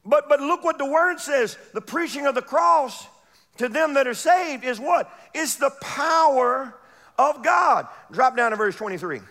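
A pastor preaching a fervent sermon, building to shouted peaks and dropping into laughing asides. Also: male voice, very high voice, expressive, measured pace, long reverb tail. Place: church sanctuary.

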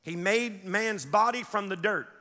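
A pastor delivers a sermon in a church sanctuary, his male voice high and bright and his pace a little slow. He preaches in a conversational yet emphatic way, turning aside now and then to speak to the congregation. The large hall gives the recording a long reverb.

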